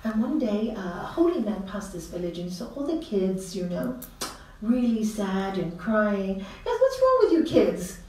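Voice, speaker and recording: A woman's voice: medium pitch, expressive, normal speed, dark tone. A middle-aged woman from India who teaches spirituality, giving an informal talk full of stories and rhetorical questions. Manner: storytelling, rhetorical questions, frequent laughter. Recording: echoey room, distant mic, faint hiss.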